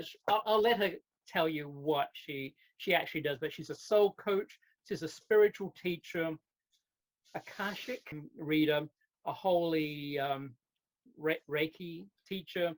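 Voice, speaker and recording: A woman hosting an interview, chatty and quick to laugh, sometimes tripping over her words. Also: low voice. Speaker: host. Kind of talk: interview chat.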